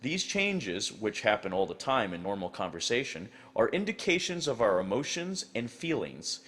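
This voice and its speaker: A man narrating an instructional video on acting, measured and explanatory. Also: medium pitch, breathy edge.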